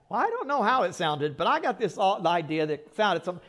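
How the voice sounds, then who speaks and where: A male pastor preaching a sermon in an animated way, repeating words and adding joking asides. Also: sits high, fast, few pauses.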